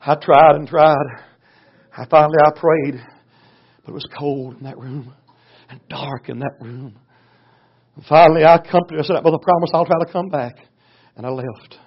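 A man, a pastor preaching a storytelling sermon in a folksy way, going from hushed to loud. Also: medium pitch, fairly even intonation, normal speed, slightly rough. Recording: dull lo-fi recording.

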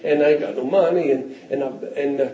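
A man's voice: on the high side, fast, warm tone, muffled recording, voice pushed down, close to an everyday voice. A man voicing a desperate, grieving man who stammers as he pleads for help, in an echoey church heard from a distance. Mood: pleading, distraught. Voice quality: hesitant, stammering.

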